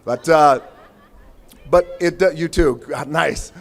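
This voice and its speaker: A man's voice: on the high side, takes it slowly, vocal fry. A man in his forties giving an unscripted acceptance speech at an outdoor ceremony, thanking people and adding playful, self-mocking asides. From United States. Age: 40s.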